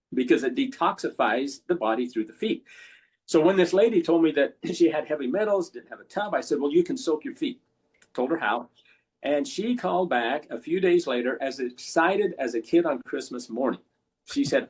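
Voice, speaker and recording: An older man with a somewhat higher voice and a husky edge. He tells long, folksy stories as a podcast guest. He acts out the people he talked with in them. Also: animated, moderate pace, darkish tone. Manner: folksy anecdotal storyteller, acts out callers' lines. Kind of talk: storytelling in a podcast interview.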